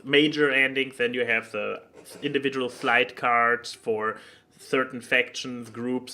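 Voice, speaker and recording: A man with a bright, forceful voice co-hosts a casual podcast. He talks in stops and starts, circling back as he hunts for words. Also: mid-range voice. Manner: halting, many fillers and restarts. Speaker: podcast co-host.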